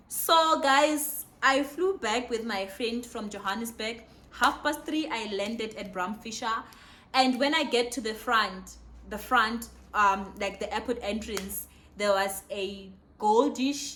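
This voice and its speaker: A young South African woman with a South African accent telling a personal story, excitable and emotional. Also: fairly high pitch. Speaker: vlogger. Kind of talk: casual storytime.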